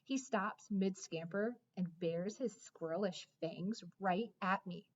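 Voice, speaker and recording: A woman narrating a children's story in the first person, expressive, with dramatic hushes and excited rises. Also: medium pitch, takes it slowly, highs cut off. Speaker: audiobook narrator.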